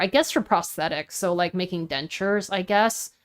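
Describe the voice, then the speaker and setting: A woman chatting casually, excitable and quick to jump in with questions. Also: mid-range voice. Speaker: co-host listener. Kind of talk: casual chat.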